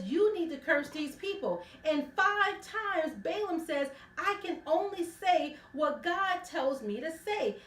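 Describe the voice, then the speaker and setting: A woman hosting a radio ministry, giving a conversational Bible lesson and retelling the story with lively voices for each character. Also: sits high, roomy sound, distant mic.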